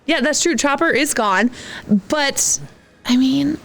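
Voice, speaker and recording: A woman, co-hosting a podcast in casual chat and reacting quickly to the others. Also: sits high, gravelly, fairly bright tone. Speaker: podcast co-host.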